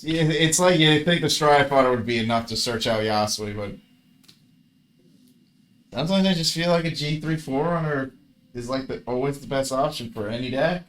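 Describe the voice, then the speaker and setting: A man's voice: mid-range voice, moderate pace, fairly bright tone. A man casually commentating his own card game match, grumbling and swearing at his bad luck.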